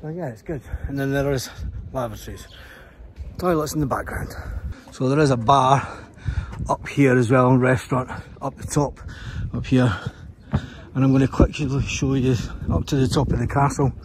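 Steady and medium-pitched, this Scottish travel vlogger talks at a moderate pace while hiking uphill to a castle. He points things out in a chatty way despite being winded, and the outdoor recording clearly picks up surrounding noise.

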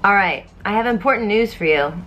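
A young woman vlogging casually through online quizzes, animated and excitable, thinking aloud as she goes. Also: mid-range voice, fairly quick, highs cut off, a little hiss or hum. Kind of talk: casual quiz vlog.

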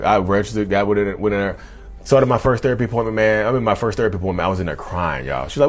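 A man's voice: fairly low pitch, quick pace. A man in his thirties telling his own life story to camera in a candid, confessional way, often calling his viewers y'all. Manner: candid, addresses viewers as y'all, frequent restarts.

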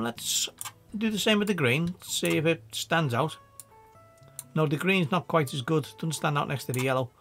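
A man with a Scouse accent giving a casual, chatty software tutorial, thinking aloud as he works. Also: on the high side, vocal fry. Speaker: video editing tutor.

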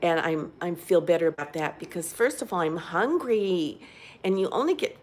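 A woman's voice: fairly low pitch, animated, normal speed, darkish tone. An older woman telling a candid, rambling personal story in a casual video diary, talking from a rehab facility. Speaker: vlogger.

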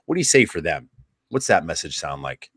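A man's voice: extremely low pitch, very animated, a little fast, fairly bright tone, dry recording, clean studio sound. A man hosting a podcast interview, casual and friendly, asking searching questions and calling his guest bro. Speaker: podcast host. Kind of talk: conversational interview.

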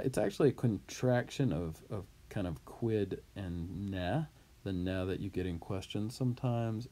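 A man teaching from a Latin reader, reading each line and then translating and explaining it, with his voice leaping up for the shouted quotes. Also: on the low side. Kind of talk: reading aloud and explaining a textbook.

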